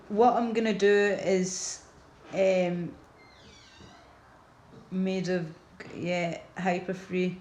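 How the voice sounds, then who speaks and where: A woman's voice: lowish voice, darkish tone, echoey room, slight background noise, poor audio. A Glaswegian woman from Scotland chatting casually on a livestream, rambling and answering her viewers' comments as she goes.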